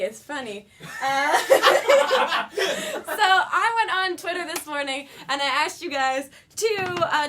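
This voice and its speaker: A woman's voice: sits high, very noisy. A woman hosting a live web show from a studio, chatting casually with viewers in a goofy, self-deprecating, joking way. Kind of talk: casual live-stream chat.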